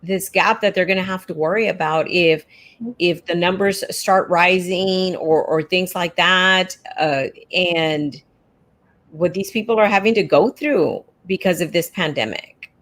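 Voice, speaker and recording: A woman's voice: fairly low pitch, a little slow, a bit bright. A woman co-hosting an educators' livestream in casual chat, agreeable and talking in loose starts with many fillers.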